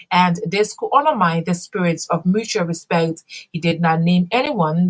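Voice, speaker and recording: Woman, news presenter, measured formal delivery, lowish voice. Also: poor audio. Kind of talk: read news bulletin.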